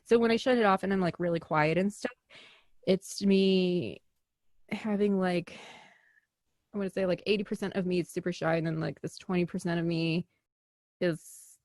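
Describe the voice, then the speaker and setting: A chatty woman with a slightly low voice, talking as a guest in a relaxed interview. She rambles in a self-deprecating way, full of fillers, and the recording is close and dry with no room sound. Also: normal speed, pauses often, no echo. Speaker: actor and filmmaker guest. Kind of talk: casual interview chat.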